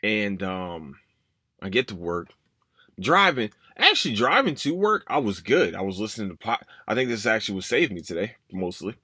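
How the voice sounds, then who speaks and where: A man's voice: lowish voice, very animated, moderate pace, sharp tone, breathy edge, dry recording, studio quality. Emotional man. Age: 30s. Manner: emotional, rambling, repeats himself often. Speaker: podcast host. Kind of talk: casual personal monologue.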